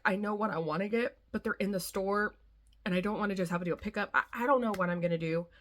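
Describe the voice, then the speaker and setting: A woman's voice: fairly low pitch, fairly bright tone. A young woman vlogging to the camera, rambling frankly about her day in a slightly weary, casual way. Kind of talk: casual chat.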